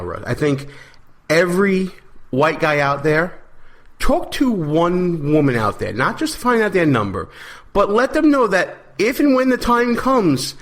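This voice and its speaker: High-voiced man co-hosting talk radio. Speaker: co-host. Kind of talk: political talk radio banter. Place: radio studio.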